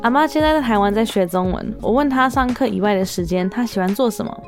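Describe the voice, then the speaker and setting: A woman podcast host narrating a voice-over in a steady, explanatory way. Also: mid-range voice, fast. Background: faint music.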